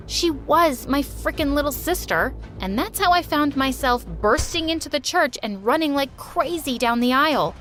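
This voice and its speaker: A young woman with a high voice tells a dramatic first-person story, leaning emotionally into each turn of events. Light music runs quietly behind her. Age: young adult. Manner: expressive, emotional delivery.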